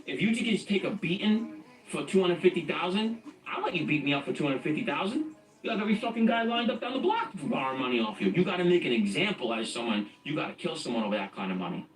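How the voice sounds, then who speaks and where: A middle-aged man, appearing as a guest, recounts his own past in casual spoken storytelling, blunt, streetwise and profane. His voice runs on the high side with big pitch swings, and he talks fast. The recording is echoey and distant from the mic, with faint music.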